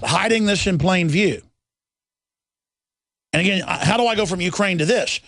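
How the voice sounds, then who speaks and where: A man's voice: high-pitched, lively intonation, moderate pace, fairly bright tone, no room sound. A middle-aged man hosting a talk radio show, reading headlines and ranting in a heated, rambling way, often repeating himself. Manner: heated, rambling, repeats words when agitated.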